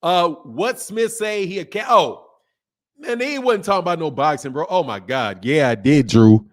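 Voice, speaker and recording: A man in his fifties chats on a live boxing stream, thanking viewers and riffing in loose slang. His voice sits a little high for a man, and he laughs often as he talks. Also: expressive, normal speed. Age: 50s. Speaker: boxing channel host. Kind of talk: casual live-stream chat.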